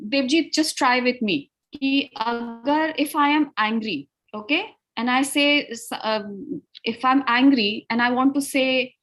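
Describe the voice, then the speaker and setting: A woman's voice: high voice, poor audio. A woman with an Indian English accent teaches spoken English over a video call, mixing in Hindi and coaching her students. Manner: mixes Hindi into English, asks students to try. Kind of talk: online class, coaching students.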